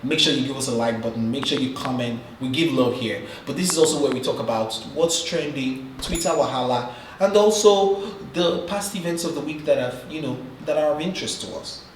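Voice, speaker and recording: A man's voice: medium pitch, brisk, far from the mic. A man hosting a casual commentary vlog, chatty and teasing, tossing rhetorical questions at his viewers. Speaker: YouTube host. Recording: roomy echo, off-mic, faint noise.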